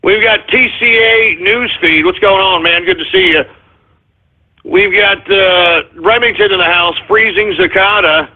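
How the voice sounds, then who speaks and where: A man's voice: high voice, unhurried. A man hosting a live talk radio show, reading out listener names with exasperated, mock-angry rants and frequent swearing. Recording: tinny, phone-like lo-fi audio.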